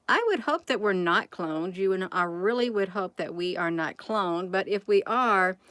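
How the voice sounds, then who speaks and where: A woman's voice: mid-range voice, fairly bright tone, no echo. Rambling woman musing aloud. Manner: rambling, asks viewers many rhetorical questions; addresses viewers as "you all". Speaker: channel host. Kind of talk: casual musing vlog.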